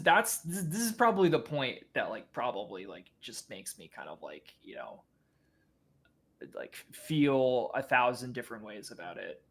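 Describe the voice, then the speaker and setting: Man, podcast guest, casual discussion, halting, lots of fillers, mid pitch. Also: fairly bright tone. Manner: halting, many fillers and restarts.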